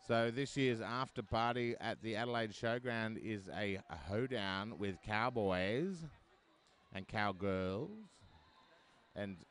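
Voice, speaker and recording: A man's voice: lowish voice, clean tone. A man giving live roller derby commentary, chatty and full of joking asides.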